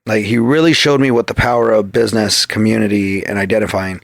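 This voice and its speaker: This podcast guest talks fast in a fairly low voice with vocal fry and fairly even intonation, telling profane, casual stories. He swears constantly and acts out quoted back-and-forth, with clean studio sound and no room sound.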